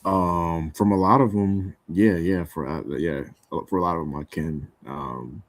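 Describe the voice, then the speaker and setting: A man's voice: low voice, fairly even intonation, unhurried, dry recording. A young man chatting casually on a podcast, rambling with lots of fillers and restarts. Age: young adult. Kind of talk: casual chat.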